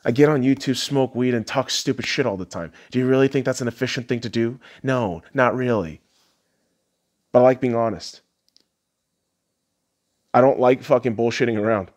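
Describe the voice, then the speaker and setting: A man's voice: medium pitch, normal speed, long pauses, a little mellow. A man hosting a podcast, ranting bluntly and crudely, mocking his listeners and laughing at his own jokes. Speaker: podcast host. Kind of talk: profane solo rant.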